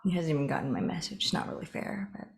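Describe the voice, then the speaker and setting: A young woman with a low voice reads the first pages of novels aloud. She stops now and then to chat and laugh at herself in a relaxed, casual way. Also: quick pace, creaky. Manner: chatty, laughs at herself, breaks off to comment. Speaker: book reader and channel host. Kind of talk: reading novel openings aloud with casual asides.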